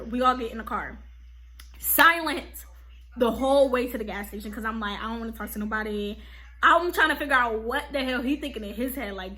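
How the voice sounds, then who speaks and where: Bright-voiced young woman telling a story. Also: on the high side, a little fast. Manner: animated, slangy, frequent "like" and "okay?". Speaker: vlogger. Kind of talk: casual storytime.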